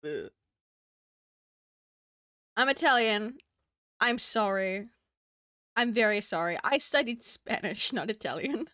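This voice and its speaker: A woman's voice: mid-range voice, expressive, takes it slowly, long pauses, bright, forceful tone, no room sound, studio quality. A woman from New Zealand with a Kiwi accent, chatting casually on a stream and laughing often at herself. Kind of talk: casual stream chat while drawing.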